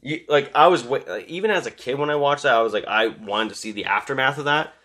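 Male reviewer with a bright, sharp voice and a loose, swear-filled, animated recap style. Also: medium pitch, fast talker. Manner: animated, swearing constantly, laughing asides. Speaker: movie reviewer. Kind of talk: casual profane film recap.

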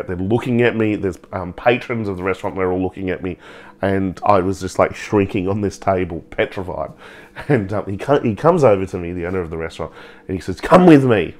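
A man, telling a personal story in a lively way and acting out the people in it. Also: lowish voice. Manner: animated, acts out the people in his story with laughs. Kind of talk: storytelling talk.

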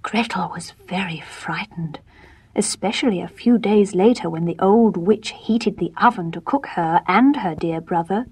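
A woman narrating a storybook in gentle, measured tones. Her voice is husky and breathy, and she speaks softly. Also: on the low side.

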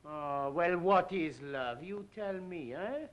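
A man's voice: high-pitched, lively intonation, takes it slowly, a bit bright, lo-fi sound, heavily acted. A vain, teasing exiled prince with a Russian-tinged accent. He speaks airily and mockingly in the manner of 1930s film acting, his voice rising and falling widely. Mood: airy. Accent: Russian-tinged, put on. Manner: airy, mocking, laughs at others.

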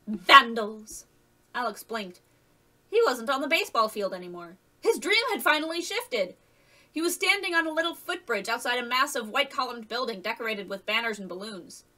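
A woman reads a children's fantasy novel aloud in a lively narration. Her voice is bright and sharp, a little high, and sounds somewhat distant from the mic. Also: brisk. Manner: lively reading with voiced characters. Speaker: audiobook reader. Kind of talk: scripted narration.

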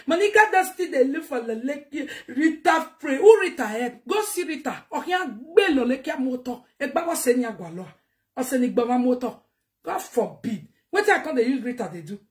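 A woman's voice: on the high side, a little mellow. A Nigerian woman giving a heated monologue to her viewers, scolding and repeating herself, mixing in Yoruba phrases. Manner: ranting, scolding, repetitive, mixes in Yoruba phrases. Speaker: online commentator.

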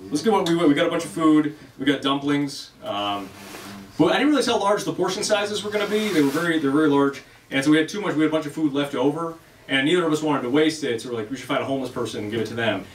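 A man's voice: a little high, expressive, fast talker. A man doing a stand-up comedy set on a club stage, rambling and self-deprecating, acting out bits of dialogue. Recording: echoey room, recorded from a distance, loud background noise.

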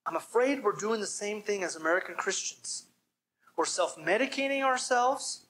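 A man's voice: high-pitched, animated, moderate pace, a bit bright. A man giving a church sermon as pastor, preaching with emphasis and asking the listeners direct questions. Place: church service.

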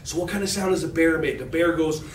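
A man leading a group of children through an animal movement warm-up, animated and encouraging, with playful sound effects. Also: a little high, quick pace, a little hiss or hum. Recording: roomy sound from a distance with faint ambience.

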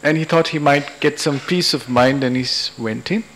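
A man's voice: on the high side, a bit bright, a little hiss or hum. A man, lecturing and telling an anecdote at a public talk in a convention hall. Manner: unhurried, anecdotal storytelling.

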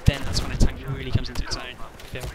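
Sweary gamer over loud gunfire. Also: male voice, mid-range voice, completely flat delivery, quick pace, very noisy. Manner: rambling, sweary, self-mocking. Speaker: gameplay commentator. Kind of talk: casual gameplay commentary. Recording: loud game gunfire and explosions behind.

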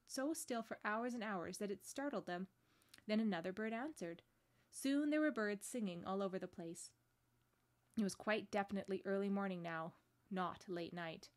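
A woman pastor reading a storybook chapter aloud with gentle, steady narration. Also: medium pitch, moderate pace.

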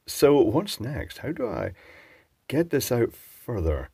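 A man's voice: medium pitch, wildly swooping pitch, slow, gravelly, mellow, husky, dry recording. A man presenting an electronics teardown, musing and chatting as he thinks aloud while working. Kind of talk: casual talk-through while taking apart a device.

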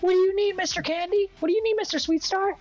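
Man doing a shrill, frantic young crewwoman. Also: fairly even intonation, fast. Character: frantic young woman crew member. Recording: dull lo-fi voice chat.

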